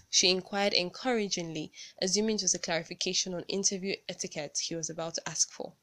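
A woman's voice: on the low side, steady tone, quick pace, hardly any pauses, bright, forceful tone. Chatty Nigerian woman podcaster. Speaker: podcast host. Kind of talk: casual podcast talk and storytelling.

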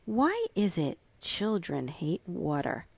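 A woman voicing an excitable, scheming little girl who talks eagerly and a bit whiny in a storybook reading. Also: lowish voice, takes it slowly, creaky, slightly rough, no echo, heavily acted. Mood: excited.

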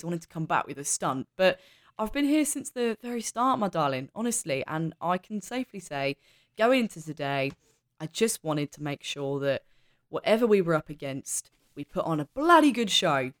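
A man's voice: high-pitched, fairly bright tone. A man voicing a flamboyant games champion, theatrical and affectionate.

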